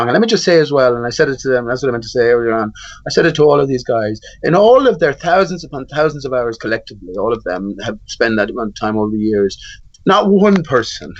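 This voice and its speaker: A man's voice: mid-range voice, highs cut off. A man on a live chat panel who asks long, probing questions and often restarts his sentences. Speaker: panel guest. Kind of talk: casual discussion.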